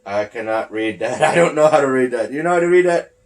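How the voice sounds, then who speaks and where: Fast and expressive, with a mid-range voice, a man runs through a casual wrestling recap on his podcast. He's talking through a face mask, a little winded, rambling and losing his train of thought.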